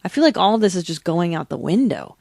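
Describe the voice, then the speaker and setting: A woman's voice: lowish voice, very animated, fast, vocal fry, a little mellow, no echo, clean studio sound. Blunt, profane woman in casual podcast chat. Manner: blunt, profane, laughing banter. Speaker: podcast co-host.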